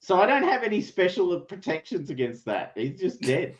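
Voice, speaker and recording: An animated, chatty game master, a man with a fairly high voice, narrates the action for his players. The audio is dull and muffled, like a lo-fi online call. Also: moderate pace.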